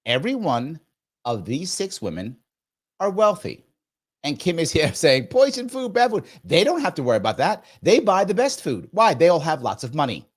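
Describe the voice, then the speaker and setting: A man's voice: on the high side, very animated, moderate pace, slightly rough. A man hosting a live reaction show, commenting on a clip in a sarcastic, mocking way.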